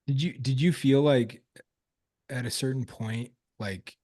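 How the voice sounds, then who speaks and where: Dry-sounding podcast host. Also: male voice, mid-range voice, steady tone, unhurried, darkish tone, dry recording. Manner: short encouraging backchannels. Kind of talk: casual interview chat.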